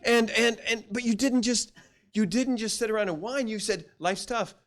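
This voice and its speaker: A man's voice: high-pitched, normal speed, fairly bright tone. A middle-aged male pastor preaching a sermon in a folksy storytelling way, acting out quoted voices.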